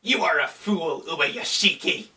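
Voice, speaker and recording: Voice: mid-range voice, animated, measured pace, pushed and bright, recorded from a distance. A vlogger putting on a sneering demon lord. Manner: mocking, taunting.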